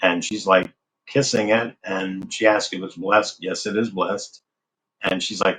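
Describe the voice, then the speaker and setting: A man with a notably low voice speaks as a guest in an interview. He tells a long personal story in an easy, conversational way. He slips into the voices of the people in it as he quotes them. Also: steady tone, a little slow, fairly bright tone, poor audio. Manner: conversational, acts out remembered dialogue. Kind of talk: casual storytelling.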